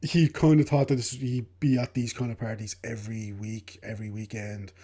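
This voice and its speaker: Mellow-voiced man chatting about a film. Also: on the low side, moderate pace. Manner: relaxed, hedging with fillers, laughs along. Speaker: film podcast co-host. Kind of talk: casual film discussion.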